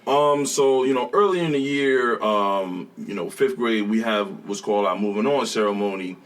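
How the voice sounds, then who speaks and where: A man, a schoolteacher and guest, telling stories in a casual interview, animated and laughing as he acts out what people said. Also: on the low side, moderate pace, distant mic. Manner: animated, laughing storyteller who acts out quotes. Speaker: teacher, guest.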